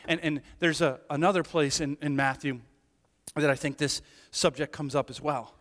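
Fervent pastor with a ringing hall echo. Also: male voice, on the high side, moderate pace. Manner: animated, swings from hushed to emphatic, frequent restarts and "right?". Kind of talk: sermon. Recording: hall reverb.

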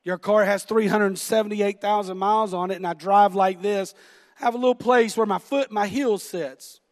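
In a church sanctuary, a middle-aged pastor with a Southern American accent preaches a sermon, telling a story about himself and laughing at his own expense. His voice sits high, with fairly even intonation and a normal speed. Long hall reverb colors the recording.

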